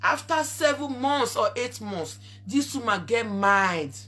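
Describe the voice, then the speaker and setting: A woman with a Nigerian Pidgin accent holds forth in a lively commentary monologue. Her voice sits high and sounds bright and sharp. She repeats herself for emphasis and swings between scolding and sudden loud bursts. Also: a little slow. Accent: Nigerian Pidgin English. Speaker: online show host.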